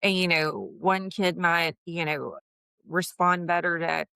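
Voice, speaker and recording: A woman's voice: lowish voice, a little slow, gravelly, sharp tone, clear, resonant tone, dry recording, studio quality. A woman in her fifties, a guest in a casual interview, chatting about her HR consulting work and acting out quoted dialogue with laughs. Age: 50s.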